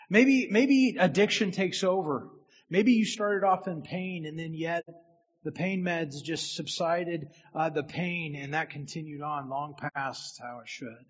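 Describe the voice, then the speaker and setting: A man's voice: fairly high pitch, a little slow, breathy edge, dull audio. A man who is a minister, giving a sermon as a personal story and speaking directly to the people in the room.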